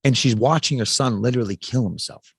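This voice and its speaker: A man's voice: medium pitch, brisk, husky, dry recording. A man in his thirties, a podcast guest, telling a candid personal story in casual, frank talk that swears freely and often restarts its sentences.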